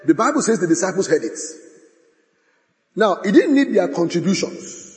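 A man preaching a sermon, swinging from bold declarations to hushed asides and reciting scripture. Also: high voice, sing-song, moderate pace. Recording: long hall reverb.

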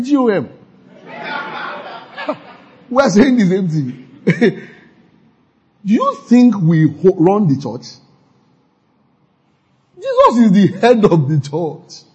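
A male pastor delivers a sermon in a warm, breathy voice whose pitch leaps and falls in wide, lively swings. He speaks slowly with long pauses, acting out quoted gossip and repeating lines for emphasis, and the recording sounds dull and lo-fi.

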